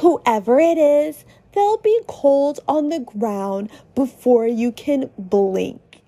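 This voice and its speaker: A woman voicing a tough, bloodthirsty female monster with a gruff, menacing delivery in a game read-through. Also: high-pitched, animated, takes it slowly, mellow, full character voice. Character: tough rough-edged female monster, fierce.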